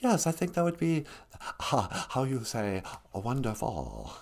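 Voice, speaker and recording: A man's voice: medium pitch, wildly swooping pitch, slow pace, creaky, exaggerated voice. A man voicing a polite, deferential male toy who is a friend of the show and calls the host boss.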